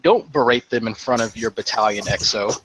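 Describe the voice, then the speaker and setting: A man's voice: lowish voice, brisk, noisy background. A man who served as an Army medic, telling a profane story in casual chat and laughing as he goes. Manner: animated, profane, laughs through his story.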